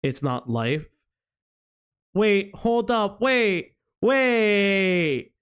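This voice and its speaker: A man hosting a stream, talking in a loose, rambling way with plenty of swearing. His voice sits a little higher than most men's. When he turns to thank his chat, he sinks into a low, muttering tone. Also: lively intonation, drawn-out words, fairly bright tone, clear, resonant tone. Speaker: stream host. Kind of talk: casual chat.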